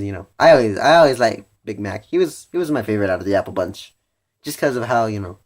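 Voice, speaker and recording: A teenage boy in a casual video review, rambling with many "you know"s and "like"s, restarting his sentences as he thinks aloud. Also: fairly low pitch. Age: teens. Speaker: vlogger reviewing a cartoon episode.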